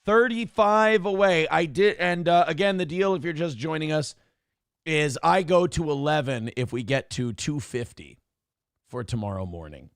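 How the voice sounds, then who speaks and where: A man hosting a live show, reading chat donations in a loud, joking manner with sudden shouts and low asides. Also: lively intonation, moderate pace, no echo, clean studio sound. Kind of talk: casual livestream chat.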